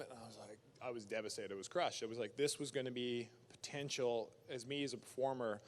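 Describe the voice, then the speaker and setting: A man from Canada at a fan convention panel, talking casually into a handheld mic. His voice sits mid-range and leaps up when he acts out other people. He is a lively storyteller who laughs easily. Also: medium pitch, brisk, few pauses.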